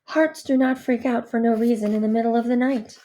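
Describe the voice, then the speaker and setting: Woman reading a first person audiobook, high voice, earnest and kinda anxious. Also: steady tone, brisk, warm tone. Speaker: audiobook narrator.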